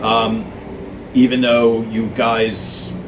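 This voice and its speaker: A man's voice: lowish voice, monotone, very slow, noisy background. Chatty man hosting a live fan stream. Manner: chatty, thinks aloud with fillers, greets viewers by name. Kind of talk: casual live-stream chat. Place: small studio with a blue backdrop, in Hollywood.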